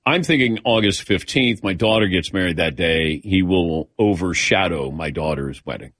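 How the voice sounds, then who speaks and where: A man's voice: sits low, normal speed, a bit bright, no echo, studio quality. A man hosting a sports talk show, chatting casually and calling on his crew by name with frequent chuckles.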